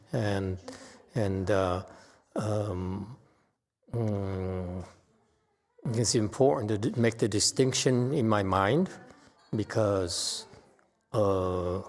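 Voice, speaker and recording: A middle-aged man giving an unscripted Dharma lecture, halting and full of fillers, bluntly stating his opinions. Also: on the low side. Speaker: Buddhist teacher giving a Dharma talk. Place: temple hall. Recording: long hall reverb.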